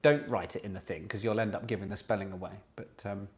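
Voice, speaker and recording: A man's voice: on the low side, fairly even intonation, quick pace, darkish tone. A man hosting a live online pub quiz, chatting with viewers and reading out each question twice. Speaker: quiz host.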